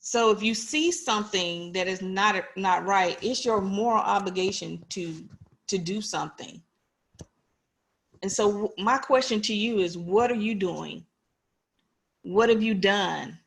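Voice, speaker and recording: A woman's voice: medium pitch, measured pace, gravelly. Woman, forties, earnest, personal, online talk, direct questions to the audience. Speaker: police officer and speaker.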